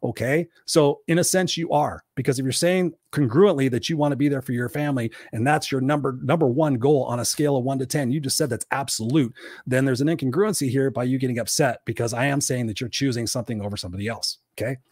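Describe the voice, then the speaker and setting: A man working as a life coach, telling a motivational story in an animated, casual way with some swearing. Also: medium pitch, fast talker, dry recording, clean studio sound. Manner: animated retelling with repeated quotes, casual swearing.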